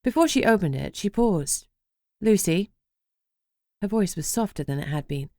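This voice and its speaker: A woman's voice: fairly low pitch, lively intonation, fairly quick, dark tone, dry recording, studio quality. Wry woman narrating an audiobook. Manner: wry, sardonic storytelling. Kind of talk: first-person audiobook narration.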